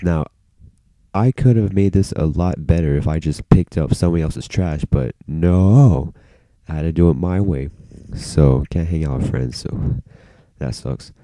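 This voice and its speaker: A man's voice: extremely low pitch, normal speed, warm tone, no echo. A male vlogger telling a story in a casual, rambling way, full of "like" and freely dropped swear words.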